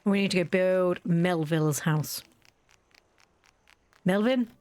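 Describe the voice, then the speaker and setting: A woman's voice: lowish voice, slow pace, a little mellow, no room sound. Chatty woman rambling over a game. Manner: chatty, rambling, self-interrupting. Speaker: gaming channel host. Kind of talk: casual let's-play commentary.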